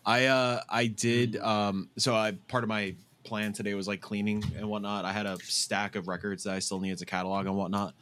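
A man's voice: on the low side, flat delivery, moderate pace, few pauses, fairly bright tone. A young man co-hosting a casual podcast, speaking in a heartfelt, rambling way and swearing freely. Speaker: podcast co-host. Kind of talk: casual chat.

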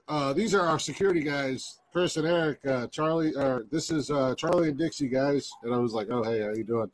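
A man's voice: mid-range voice, brisk, no room sound, low-quality recording. A man co-hosting a podcast, telling a story in a rambling, casual way and acting out the lines of the people in it. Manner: rambling, many fillers and restarts, acts out quoted dialogue. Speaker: podcast co-host.

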